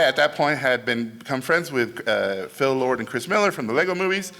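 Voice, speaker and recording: A man on a panel at an expo, telling behind-the-scenes stories with lively, animated delivery, swearing casually and acting out what others said. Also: mid-range voice, normal speed, few pauses, slight background noise. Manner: lively, swears casually, acts out quotes in voices. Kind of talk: animated storytelling on stage.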